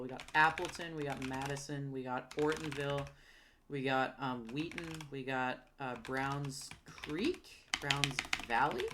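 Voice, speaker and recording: A woman recalling and naming towns out loud, hesitant with many ums, correcting herself and apologizing for her pronunciation. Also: extremely low pitch, background noise. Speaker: geography video creator. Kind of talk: casual recall while typing.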